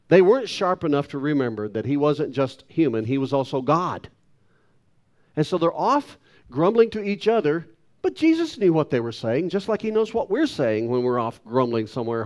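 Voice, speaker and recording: A man's voice: mid-range voice, a little mellow. A male pastor giving a sermon, talking emphatically and putting rhetorical questions to the congregation.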